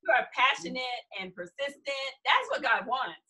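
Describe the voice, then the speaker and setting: A woman co-hosting a casual Bible study chat, commenting with animated, laughing energy and quick restarts. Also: high voice. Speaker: podcast co-host.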